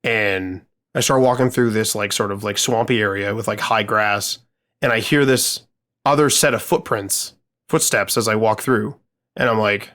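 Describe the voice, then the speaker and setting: A podcast co-host, this man shares a gaming story in casual talk, swearing a lot and rambling through plenty of fillers. His voice is on the low side, fairly bright, and delivered at normal speed.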